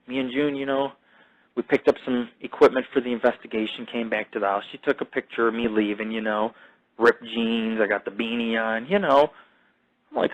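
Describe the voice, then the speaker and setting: A man's voice: mid-range voice, highs cut off. Rambling, foul-mouthed man hosting a show. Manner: profane, digressive, self-mythologizing; halting restarts and repeated fillers. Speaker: podcast host. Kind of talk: rambling casual monologue.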